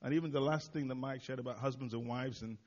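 A man's voice: medium pitch, steady tone, quick pace, darkish tone, highs cut off. Hesitant man reflecting after a sermon. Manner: hesitant, with many "uh"s and restarts, self-deprecating. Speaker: church leader responding to the sermon.

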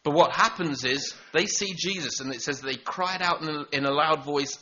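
Preacher, male, high bright voice, earnest, stumbling restarts, dull lo-fi recording. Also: moderate pace, hardly any pauses. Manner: earnest, repeats words when restarting. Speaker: pastor. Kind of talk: sermon.

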